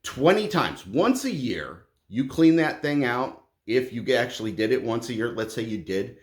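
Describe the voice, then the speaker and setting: A man's voice: mid-range voice, very animated, moderate pace, echoey room. A middle-aged man ranting bluntly and profanely as a tradesman vlogger, exasperated and dismissive.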